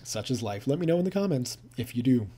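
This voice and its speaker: A man talks through a strategy game in a relaxed, chatty way, thinking aloud and tossing in playful jabs. His voice is mellow and dark, and it rises and falls a lot as he goes. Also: medium pitch, quick pace, husky. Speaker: gameplay commentator. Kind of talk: casual let's-play commentary.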